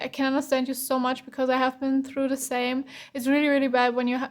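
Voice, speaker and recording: A young woman from Germany with a German accent, giving a casual, chatty tarot reading and filling her talk with "like" and "um". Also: sits high. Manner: casual, chatty, heavy use of "like" and "um". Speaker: tarot reader. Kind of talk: pick-a-card tarot reading.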